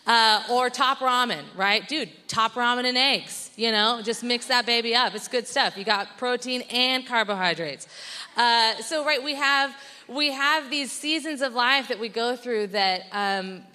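A woman's voice: on the high side, a little slow, bright, forceful tone, long reverb tail. A woman pastor preaching in a casual, chatty way, often stopping herself and laughing. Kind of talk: casual sermon.

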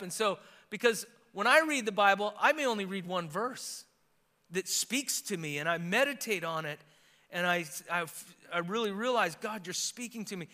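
High-voiced man preaching in a hall. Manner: emphatic preaching, swings from loud declarations to hushed earnest tones; conversational asides with restarts. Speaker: pastor. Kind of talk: sermon.

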